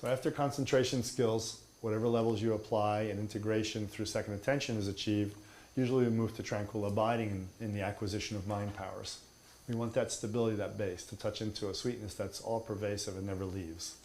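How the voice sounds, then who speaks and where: Low-voiced male meditation teacher. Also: fairly even intonation, a little fast, darkish tone, slight background noise. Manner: emphatic and playful, mocking with humor. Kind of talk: spoken teaching.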